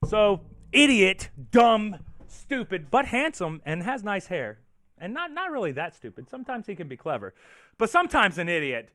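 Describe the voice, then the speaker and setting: A man hosts his own show in loose livestream chat, rambling from one thought to the next and reacting to viewers with profane, animated energy. His voice sits a little high for a man, swings widely in pitch and has a sharp, bright edge. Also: no echo. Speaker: show host.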